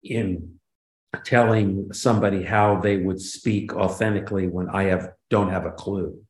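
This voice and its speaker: An older man, a sitcom writer and producer, is a guest in a casual interview, speaking in a low, fairly even voice at an unhurried pace. He tells stories animatedly and acts out quoted lines, with a roomy echo on the recording.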